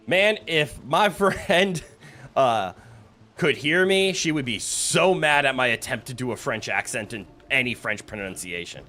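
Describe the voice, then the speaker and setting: A man's voice: medium pitch, animated, a little slow, sharp tone, soft background music. A man streaming a video game, chatting casually, reading game text aloud and reacting with playful exclamations. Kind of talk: casual gameplay commentary.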